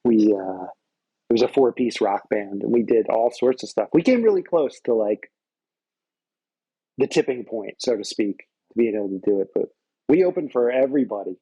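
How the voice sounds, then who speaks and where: A man's voice: medium pitch, lively intonation, moderate pace, mellow, husky, no room sound, poor audio. A man and guest musician telling loose, profane anecdotes in casual conversation on a close microphone. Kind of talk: casual storytelling.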